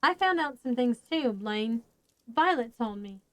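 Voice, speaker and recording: A woman's voice: a little high, animated, measured pace, a bit bright, no room sound. A woman voicing an earnest young monster girl in a storybook reading, speaking eagerly.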